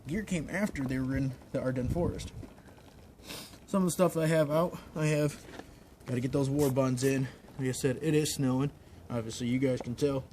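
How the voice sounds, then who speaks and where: Outdoors in the snow, a man who vlogs as a WWII reenactor films a casual show-and-tell, feeling the cold. His mid-range voice is steady, moderately paced and a little mellow, and he talks in a rambling, informal way with frequent restarts. The low-quality recording carries slight background noise.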